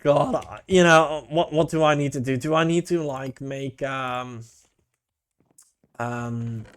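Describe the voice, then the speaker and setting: Laid-back, slow-talking male streamer. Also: mid-range voice, smooth, no room sound. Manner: laid-back, rambling, swears casually. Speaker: VTuber streamer. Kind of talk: casual stream chat.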